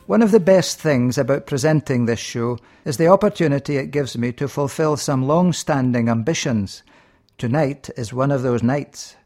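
A Scottish minister hosts a radio show in a jovial, punning manner. His voice sits at an ordinary middle pitch, and he delivers his jokes with lively timing. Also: moderate pace, soft background music. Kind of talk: humorous radio talk with jokes.

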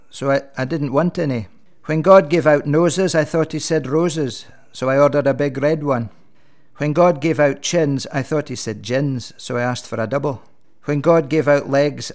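A man, a minister, runs through a string of church jokes. His delivery is dry and gentle, and his punchlines come quickly. His voice sits at an everyday middle pitch.

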